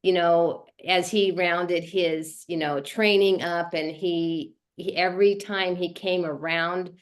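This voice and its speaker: A woman's voice: lowish voice, steady tone, takes it slowly. A woman sharing her thoughts on a group call, chatty and full of fillers. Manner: chatty, many fillers and restarts.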